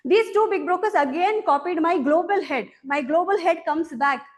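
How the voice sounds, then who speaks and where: A young woman with a high voice tells a prepared story at a speaking club. She speaks animatedly and acts out the people she quotes, heard over a video call. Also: normal speed.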